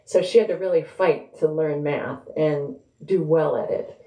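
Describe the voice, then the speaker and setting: Woman author, mellow, echoing room. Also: low voice, measured pace. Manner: conversational, thinking aloud. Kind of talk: live bookstore reading and talk. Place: bookstore event space. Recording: roomy echo.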